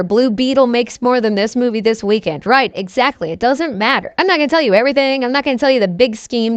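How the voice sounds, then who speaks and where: A woman's voice: on the high side, no echo, dull audio. A woman giving a casual, sarcastic, profane movie review to camera, wandering off on tangents.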